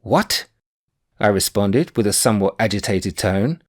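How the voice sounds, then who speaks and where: A man reading his own book aloud, telling a personal anecdote in a wry, animated way. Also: mid-range voice, moderate pace. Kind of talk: audiobook narration of a personal anecdote.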